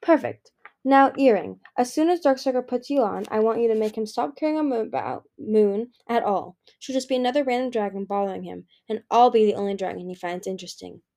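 A woman's voice: fairly high pitch, brisk, vocal fry, warm tone. A woman voicing a spoiled, bossy young female dragon who talks in a dismissive, scornful way.

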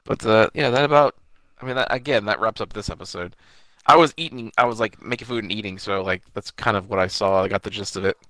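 A man's voice: on the low side, fast talker, fairly bright tone, dry recording. A young man co-hosting a podcast, recapping an anime episode in loose, profane casual chat. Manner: loose and profane, acts out characters in bursts. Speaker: podcast co-host.

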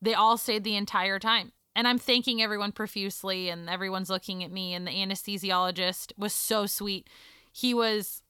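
A woman in her thirties telling a personal story in casual chat, animated, hushing for the tender parts. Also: medium pitch, moderate pace, clear, resonant tone, no echo, studio quality. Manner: animated, drops to a hush for emotional moments.

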